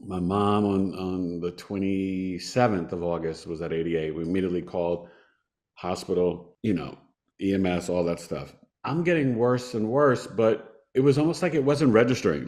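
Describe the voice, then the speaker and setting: Man in his fifties, podcast guest, lowish voice, animated storytelling, laughs between hard moments. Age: 50s. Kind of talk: conversational storytelling.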